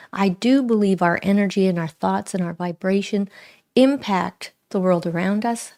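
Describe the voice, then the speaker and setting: Middle-aged woman talking slow and earnest on a spiritual livestream, lots of little pauses, average pitch. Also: a little mellow. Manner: slow, pausing, earnest and self-reflective. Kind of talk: reflective live talk to viewers.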